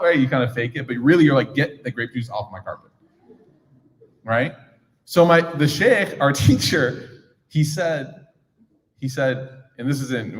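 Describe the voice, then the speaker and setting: A man teaching a young crowd in an easy, joking way, slipping into little acted scenes as he goes. His voice sits at an ordinary pitch. A big hall gives every phrase a long, trailing echo. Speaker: religious teacher. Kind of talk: lively talk to a young audience. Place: large echoing hall. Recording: echoey hall reverb.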